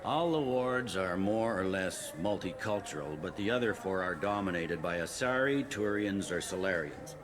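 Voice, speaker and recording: An actor playing a blunt, pragmatic male police captain in a video game, talking in a gruff, matter-of-fact way. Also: low voice, animated, normal speed, hardly any pauses, over music.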